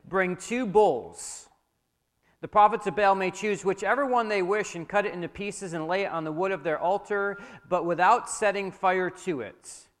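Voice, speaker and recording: A man voicing a defiant old male prophet who speaks out loud and forceful, with long hall reverb. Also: high voice, moderate pace, pitched above the performer's own voice, lightly acted. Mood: commanding.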